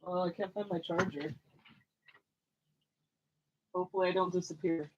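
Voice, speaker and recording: A woman's voice: fairly low pitch, steady tone, moderate pace, dull audio, background noise. Chatty, giggly young woman. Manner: chatty, self-conscious, many fillers and restarts, giggly. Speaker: spiritual mentor hosting a live Q&A. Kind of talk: casual rambling livestream chat.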